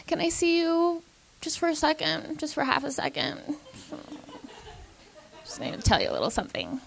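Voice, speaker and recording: A woman's voice: sits high, wildly swooping pitch, moderate pace, creaky, a crowd in the background, voice pushed up, exaggerated voice. A woman voicing a chirpy, prying female office manager who talks in an overly sweet, coaxing way. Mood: sugary.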